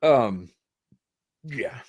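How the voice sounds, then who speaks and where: Animated man with lively pitch. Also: extremely slow, lo-fi sound, a crowd in the background. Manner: animated, swears freely, laughs often. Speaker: podcast co-host. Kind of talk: casual movie review chat.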